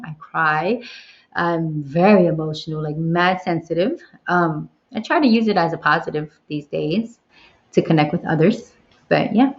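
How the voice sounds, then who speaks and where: A woman's voice: fairly low pitch, creaky. A woman hosting a casual livestream Q&A, talking candidly and swearing freely. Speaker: livestream host. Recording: dull lo-fi livestream audio.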